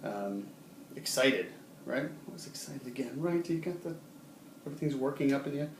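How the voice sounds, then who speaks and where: A man teaching a casual video lesson in a relaxed way, with many ums, who acts out short example phrases. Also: medium pitch, moderate pace. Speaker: sign language teacher. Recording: roomy, distant, faint background hum.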